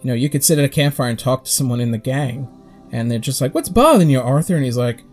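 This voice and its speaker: A man co-hosting a podcast, chatting casually and telling stories in a rambling, animated way with quick acted-out quotes. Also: mid-range voice, soft background music. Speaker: podcast co-host. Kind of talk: casual chat.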